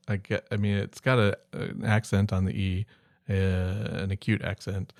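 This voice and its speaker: A man with a low voice chats casually on a podcast, reading words aloud and thinking out loud about what they mean. The sound is dry and close to the mic. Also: fairly even intonation, a little slow, creaky, no echo. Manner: musing, reads word lists aloud with hesitant asides. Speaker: podcast co-host. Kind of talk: casual chat.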